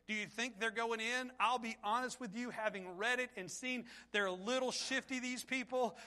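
Bright, high-voiced impassioned male preacher. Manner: impassioned, pleading, rhetorical questions. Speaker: pastor. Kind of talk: sermon.

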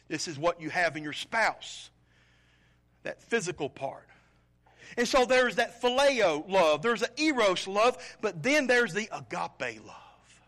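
High, bright-voiced man preaching. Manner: preaching with dramatic pauses and rising emphasis. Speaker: pastor. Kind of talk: sermon.

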